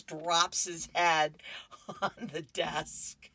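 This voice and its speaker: A woman's voice: deep voice, a little slow. A woman reading comic strips aloud on a radio reading service, chatting with listeners between panels. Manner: chatty, warm asides to listeners. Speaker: radio reader.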